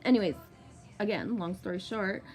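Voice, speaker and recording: Telling a drawn-out personal story for her vlog, a thirtysomething woman curses freely and uses plenty of fillers. Her voice is mid-range and slightly mellow, at a moderate pace. There's faint music in the background.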